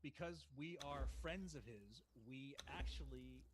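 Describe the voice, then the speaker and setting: A man's voice: medium pitch, measured pace, background noise. A middle-aged man telling a long anecdote as a guest, laughing and acting out what people said. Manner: lively, laughing, acts out quotes, shouts in bursts. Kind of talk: animated anecdote storytelling.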